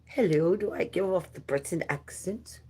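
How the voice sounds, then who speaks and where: Woman chatting on her live, slow and easygoing, playful with the chat. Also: fairly low pitch. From New Jersey. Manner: chatty, playful, greeting viewers by name. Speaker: livestreamer. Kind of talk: casual live-stream chat.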